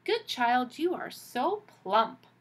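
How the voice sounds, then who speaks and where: A woman's voice: high voice, big pitch swings, takes it slowly, fairly bright tone, pitched above the performer's own voice, exaggerated voice. A woman voicing a cunning old male wolf who pretends to be a grandmother, speaking in a coaxing, sly way.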